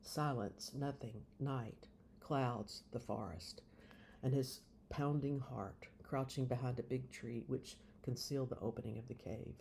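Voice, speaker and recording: A man reading a novel aloud, chapter by chapter, in slow, measured storytelling. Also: medium pitch, steady tone, gravelly, a little mellow, slight background noise. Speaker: reader of a novel. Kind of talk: audiobook reading.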